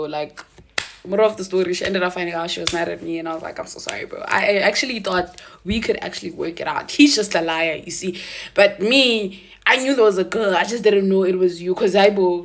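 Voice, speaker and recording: A woman with a South African accent telling a casual storytime, animated, switching between English and isiZulu and laughing often. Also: medium pitch, a little hiss or hum.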